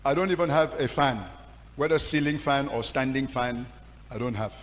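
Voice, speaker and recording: A man with a Nigerian accent preaching a testimony sermon, swinging from hushed storytelling to loud, impassioned declaiming. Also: mid-range voice, normal speed, big-room sound. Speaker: pastor.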